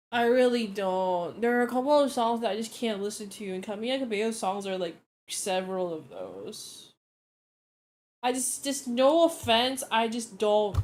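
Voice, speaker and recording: A woman streamer chatting casually, a little tipsy, rambling and reacting to her chat. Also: medium pitch.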